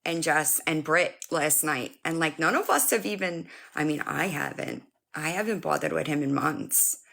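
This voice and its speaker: A woman chatting casually to viewers on a live stream from her phone, animated and swearing, often laughing. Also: low-pitched, normal speed, creaky.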